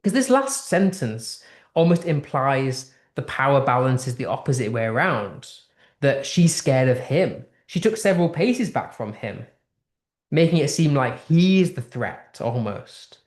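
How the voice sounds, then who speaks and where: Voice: mid-range voice, big pitch swings, a little slow. A tutor with a British accent explaining a text in a lesson, posing strings of rhetorical questions and thinking aloud with restarts. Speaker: English literature tutor. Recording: roomy echo.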